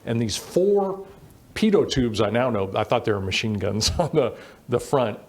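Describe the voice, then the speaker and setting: A middle-aged man telling animated stories as an interview guest, acting out quoted dialogue as he goes. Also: medium pitch, moderate pace. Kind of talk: storytelling in a conversational interview.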